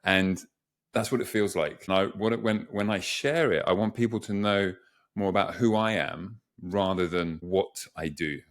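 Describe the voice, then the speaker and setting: Low-voiced man telling stories. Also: normal speed. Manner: reflective, storytelling with many examples. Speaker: communication coach guest. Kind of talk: conversational interview answers.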